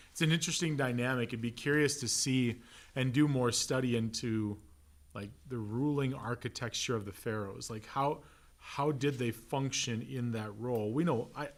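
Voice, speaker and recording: A pastor teaching a relaxed Bible class, conversational and joking, with an Upper Midwest American accent. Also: male voice, mid-range voice. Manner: conversational, asks "right?" often, acts out quick voices. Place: church classroom.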